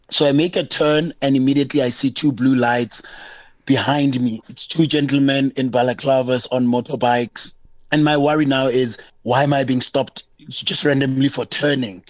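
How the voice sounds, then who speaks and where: A man's voice: mid-range voice, moderate pace, no room sound. A South African man calling in to a radio show, animatedly recounting a roadside incident and acting out the exchanges. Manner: animated storyteller, acting out both sides of a dialogue. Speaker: caller.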